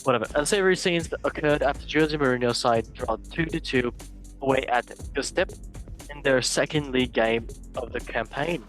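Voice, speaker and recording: A man's voice: mid-range voice, normal speed, fairly bright tone, soft background music. Joking young man hosting football news. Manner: jokey, reads headlines with asides and stumbles. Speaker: show host. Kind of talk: casual football news chat.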